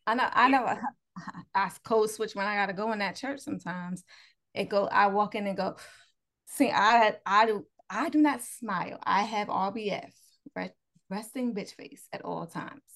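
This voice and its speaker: A woman's voice: medium pitch, normal speed, gravelly, fairly bright tone. A woman co-hosting a podcast over a video call, telling candid, laughing stories. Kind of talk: casual chat.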